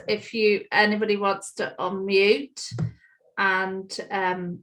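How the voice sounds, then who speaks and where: A woman co-leading an online workshop over a video call, upbeat and practical and quick to laugh. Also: medium pitch, level tone, a bit bright, rough recording. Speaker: workshop co-facilitator.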